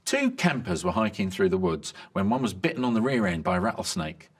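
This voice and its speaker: A man reading a string of medical jokes in a lively delivery. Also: fairly low pitch, fairly quick. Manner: lively joke delivery, bright voices for quoted lines.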